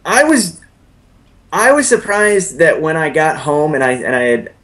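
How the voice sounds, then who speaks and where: A man's voice: a little high, sing-song, a little slow, a bit bright. A man guest on a horror podcast, talking chattily with many fillers and some laughs. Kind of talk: casual chat.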